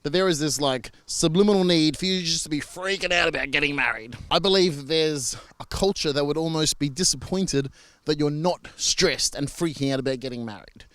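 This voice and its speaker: A man's voice: on the high side, a little fast, fairly bright tone, dry recording. Chatty Australian man, dry sound. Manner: chatty and reassuring, with frequent fillers and restarts. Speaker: marriage celebrant. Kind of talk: casual talk to camera.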